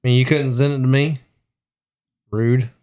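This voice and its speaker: A man's voice: medium pitch, steady tone, moderate pace, a little mellow. A man chatting and joking as a guest on a casual podcast. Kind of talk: casual chat.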